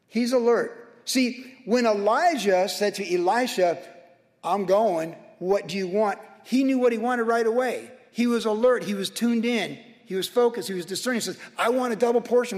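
A man's voice: high-pitched, moderate pace, darkish tone. A man preaching a sermon as pastor, fervent and emphatic, stacking up repeated phrases. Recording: long reverb of a big hall.

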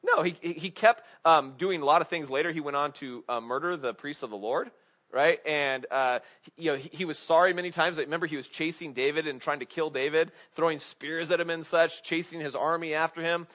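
A man's voice: fairly high pitch, brisk, fairly bright tone. A man preaching a casual sermon, asking his congregation questions and leaning on filler words. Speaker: pastor. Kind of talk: conversational sermon. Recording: dull lo-fi recording.

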